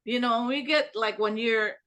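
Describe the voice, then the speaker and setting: A woman's voice: a little high, normal speed. A middle-aged woman from Hawaii with a light pidgin-tinged accent, casually telling family stories and laughing often. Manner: laughs often, animated when quoting family. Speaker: interviewee. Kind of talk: casual storytelling.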